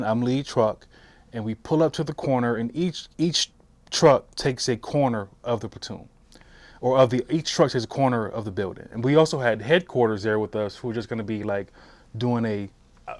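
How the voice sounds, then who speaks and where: A man in his forties, a veteran, telling his story for an oral history interview in a halting way with frequent restarts. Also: mid-range voice, no echo. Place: interview room.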